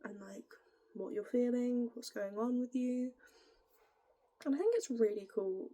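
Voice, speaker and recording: A young woman with a northern English accent, musing in a rambling, giggly way and slipping into soft, whispery asides. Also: a little high, normal speed. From northern England. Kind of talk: casual musing monologue.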